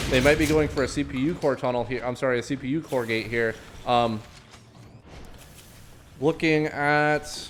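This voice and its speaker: A man's voice: medium pitch, a little hiss or hum. A man from Florida giving live play-by-play commentary on a team game, talking with frequent fillers and self-corrections, his throat strained from allergies. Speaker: esports commentator.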